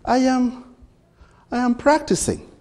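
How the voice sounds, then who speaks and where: A man's voice: very high voice, lively intonation, measured pace, a little mellow, voice pushed up. Brief: mischievous little girl, four, innocent and matter-of-fact, put on by a male speaker.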